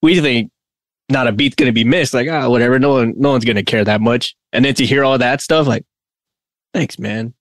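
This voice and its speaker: A man's voice: medium pitch, brisk, dry recording, clean studio sound. A man co-hosting a casual podcast, rambling and laughing often as he talks. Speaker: podcast co-host.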